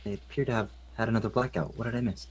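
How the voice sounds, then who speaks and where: Deep deadpan doll construct. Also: female voice, rapid-fire, slightly rough. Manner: flat, literal, drowsy.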